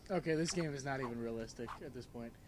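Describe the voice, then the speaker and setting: A man's voice: mid-range voice, fast, noisy background. A man co-hosting a gameplay video, mocking the game and reading its lines in mock-dramatic voices. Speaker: co-host playing a video game. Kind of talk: casual game commentary, reading dialogue aloud.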